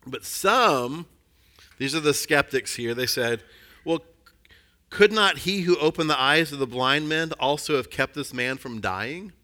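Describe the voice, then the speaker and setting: Bright-voiced man preaching a casual sermon. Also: on the high side, animated, measured pace. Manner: earnest and conversational, drops softer on emphasis and acts out quoted voices. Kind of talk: conversational sermon, reading and explaining scripture.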